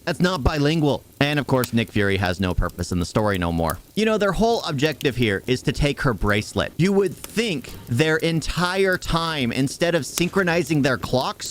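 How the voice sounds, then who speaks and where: A man's voice: on the high side, a little hiss or hum. A man ranting sarcastically through a movie review, firing off exasperated rhetorical questions.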